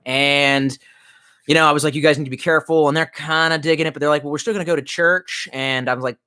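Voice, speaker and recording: A tipsy young man livestreams, rambling loosely and swearing heavily as he reads out chat comments in a stream of drunk banter. His voice is on the high side, bright, forceful, clear, and resonant, with fairly even intonation and a quick pace.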